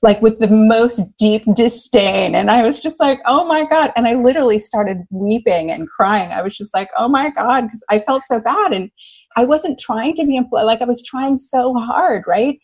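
A middle-aged American woman, a love coach, talking enthusiastically in an interview and telling lively stories with easy laughter. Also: a little high, moderate pace. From United States. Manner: enthusiastic, animated, laughs easily. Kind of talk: conversational interview storytelling.

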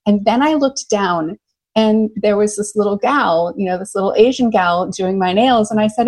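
A middle-aged American woman speaks as a guest in an interview, enthusiastic and animated. Her voice sits at a mid pitch, and she tells her stories with big laughter. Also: normal speed. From United States. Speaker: love coach guest. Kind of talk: conversational interview storytelling.

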